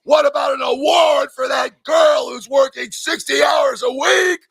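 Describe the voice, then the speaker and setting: A man playing a crude, ranting male alien monster rock singer in an interview clip, with a gravelly voice. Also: very high-pitched, fairly even intonation, measured pace, no room sound, heavily acted. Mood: furious. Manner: brash, vulgar, erupts into shouting rants.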